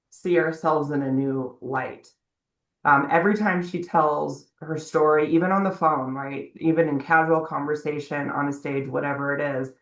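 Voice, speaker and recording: A woman giving a heartfelt tribute on a video call, reflective and pausing between phrases. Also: sits low, fairly bright tone, roomy sound. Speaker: guest speaker.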